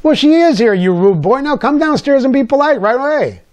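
A man's voice: a little high, sing-song, slow, full character voice. An older man voicing his mother, a firm middle-aged woman who scolds and then soothes her son. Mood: scolding.

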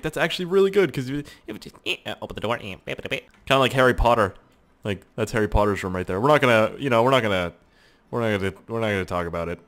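A man's voice: lowish voice, a bit bright. A young man giving casual, joking gameplay commentary, swearing and talking to himself as he builds. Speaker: gaming video host.

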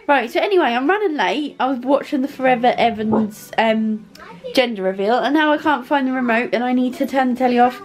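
A woman's voice: a little high, brisk, crowd noise. A woman, chatting casually to camera while doing chores around her family home. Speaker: vlogger, mother of four. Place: family house, indoors.

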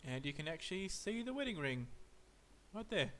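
A man streaming a game, thinking aloud in relaxed, chatty commentary with fillers. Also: high voice, moderate pace, slight background noise. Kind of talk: casual gameplay commentary.

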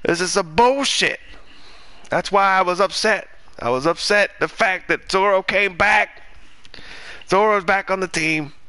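Bright-voiced male streamer, profane. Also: sits high, a little slow, clean tone, no room sound. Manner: swears a lot, erupts into loud indignant rants, then mutters. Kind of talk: casual live gaming commentary.

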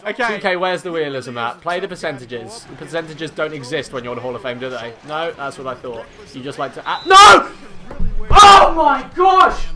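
A man giving hyped gameplay commentary, shouting and swearing at the game. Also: medium pitch. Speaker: gamer. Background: game music.

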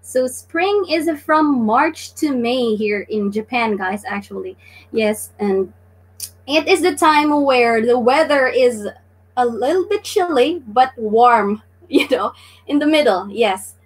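A woman's voice: on the high side, animated, slow pace, breathy edge. A woman from the Philippines hosting a casual live-streamed Japanese lesson, chatty and full of fillers. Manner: chatty, many fillers and "guys".

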